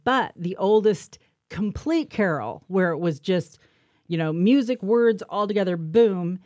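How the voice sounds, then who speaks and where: A woman's voice: medium pitch, lively intonation, unhurried, darkish tone, dry recording, clean studio sound. A woman co-hosting a chatty faith talk show, explaining history with enthusiasm. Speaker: co-host. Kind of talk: casual chat.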